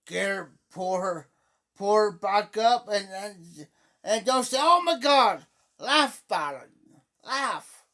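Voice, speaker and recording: A middle-aged livestream host telling a story in a casual way, repeating phrases and acting out quoted speech loudly. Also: mid-range voice, animated, slow pace, long pauses.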